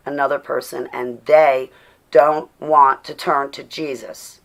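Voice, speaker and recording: Tired woman with a gravelly voice. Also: rumbling low, fairly even intonation, unhurried. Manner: preachy, reads chat aloud, laughs often. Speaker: livestream host. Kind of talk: casual livestream chat.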